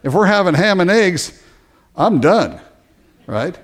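A man preaching a sermon as pastor, animated, often restarting words and acting out the people he quotes. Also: high-pitched, takes it slowly.

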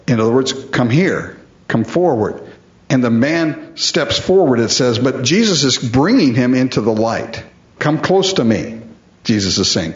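Male preacher, animated swings in pitch, echoey dull-sounding room. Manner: emphatic, rhetorical questions, repeats for stress. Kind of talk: sermon.

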